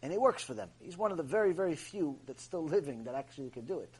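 A man, a rabbi, giving a Torah ethics lecture as an animated story, using Hebrew terms along the way. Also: on the high side, fast, breathy edge.

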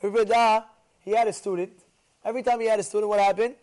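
A man with a very high voice delivers an animated Torah lesson at a quick clip. He keeps repeating key words for emphasis and acts out the people in his examples. Hebrew and Yiddish words come up throughout his English. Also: smooth. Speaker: rabbi teaching a Torah class.

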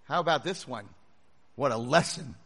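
A rabbi giving a sermon to a room of listeners, telling stories dramatically and swinging from a hush to full shouts. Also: male voice, medium pitch, animated, normal speed, slightly rough. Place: lecture hall with audience.

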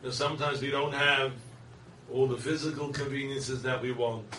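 A man delivers a sermon in an earnest, preacherly way, weaving stories and chanting Hebrew verses. His voice sits at an ordinary pitch for a man. The sound is roomy and picked up from a distance, with faint ambience behind it. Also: sharp tone, slight background noise. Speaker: rabbi. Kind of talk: sermon with storytelling. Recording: echoey room, distant mic, faint ambience.

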